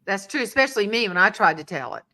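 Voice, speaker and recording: A woman hosting a relaxed interview chat, telling lively stories. Her voice is bright and forward. She slips into other people's voices as she goes. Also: medium pitch, fast. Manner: animated storyteller, acting out voices. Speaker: podcast host.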